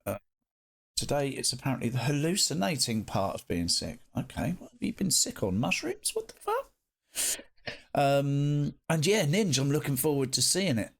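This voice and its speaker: Male streamer, casual, playful, animated, very lively intonation. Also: medium pitch, moderate pace, creaky. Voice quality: animated, playful, sing-song greetings to chat. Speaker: live streamer chatting with viewers. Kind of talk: casual live-stream chat.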